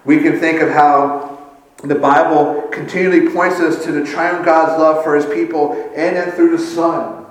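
A man's voice: on the high side, fairly even intonation, unhurried. A man preaching a sermon at a church communion service, earnest and building in intensity, with light self-deprecating asides. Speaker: pastor. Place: church sanctuary. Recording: echoey church hall.

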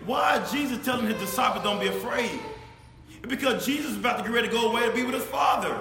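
A man preaching a sermon, speaking straight to his congregation, swinging from shouted emphasis to low, quiet asides. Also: quick pace, gravelly, background noise. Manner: animated, addresses congregation directly, rises to shouts then drops low. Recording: echoey hall with faint ambience.

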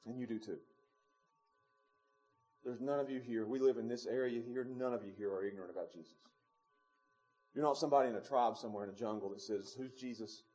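A man, preaching a sermon in a church, moving between quiet low passages and loud emphatic peaks with chuckles. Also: fairly quick, long pauses, faint music behind. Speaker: pastor. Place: church sanctuary.

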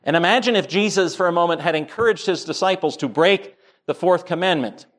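A male pastor delivering a sermon. His voice sits a little high for a man, and his tone is earnest, telling stories plainly and then driving home his points with firm emphasis. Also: brisk, a bit bright. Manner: earnest preaching, rising emphatic on key points.

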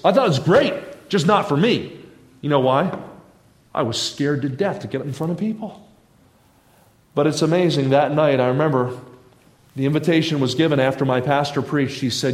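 A man's voice: medium pitch, expressive, fairly quick. A man preaching a sermon in a church, telling stories in a folksy, humorous way with asides to the congregation. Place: church sanctuary. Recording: echoey church room.

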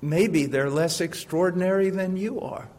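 A man preaching a sermon with passion, asking rhetorical questions and swinging from hushed tones to loud ones. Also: high voice, normal speed. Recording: long hall reverb.

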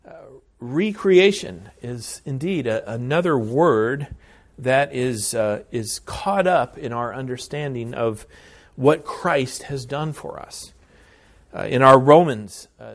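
A man preaching a sermon as pastor, speaking in a measured, deliberate way with frequent hesitations. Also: mid-range voice.

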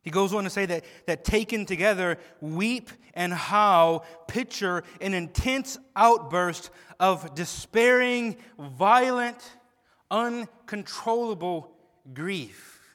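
A man delivers an expository sermon slowly, swinging between hushed low tones and loud, emphatic peaks. He often repeats words as he begins a phrase, and a long hall reverb surrounds the recording.

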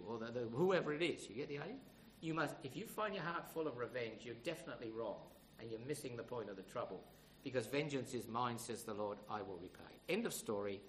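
A man's voice: a little high, fairly bright tone, a little hiss or hum, poor audio. A man preaching a sermon in an emphatic, storytelling way, with frequent rhetorical questions to the congregation.

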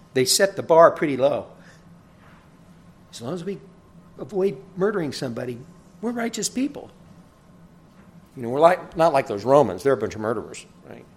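In a mid-range voice, a pastor gives a sermon in a conversational, teaching way. He often tosses in "right?", gets loud to emphasize a point, then turns soft.

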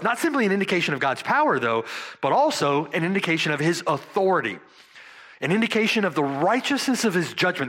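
Animated, bright-voiced male preacher. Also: a little high. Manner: emphatic, dramatic slow stresses on key words; asks the congregation rhetorical "right?". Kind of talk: expository sermon.

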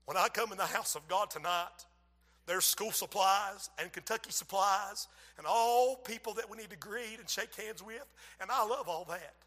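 A preacher delivering a sermon in a high, ringing and very bright voice. He drops into quiet, hushed storytelling, then builds to loud, impassioned exhortation. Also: moderate pace.

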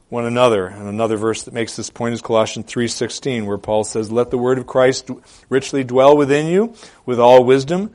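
A male pastor preaching a sermon, repeating phrases for emphasis and moving between loud declarations and quiet, hushed appeals. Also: medium pitch, steady tone, brisk. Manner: repeats phrases for emphasis with occasional filler hesitations.

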